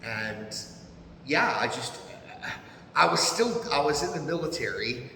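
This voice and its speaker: A man in his fifties with an American accent, a podcast guest telling stories in an animated, profane way and laughing often. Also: fairly high pitch, measured pace, vocal fry, slight background noise. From United States. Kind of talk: casual storytelling. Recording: echoey room.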